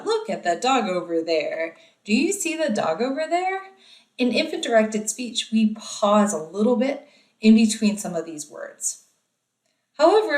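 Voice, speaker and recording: A woman's voice: medium pitch, roomy sound, distant mic, rough recording. A woman giving a recorded lecture in a casual, explanatory way with frequent ums and uhs.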